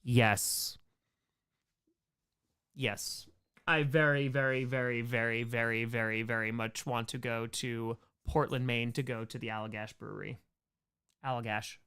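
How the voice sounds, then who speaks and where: A man's voice: medium pitch, little pitch movement, measured pace, pushed and bright, clear, resonant tone. A man hosting a casual livestream Q&A, rambling and joking as he reads out and answers chat. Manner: rambling, jokey, answers chat names aloud. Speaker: streamer host answering chat.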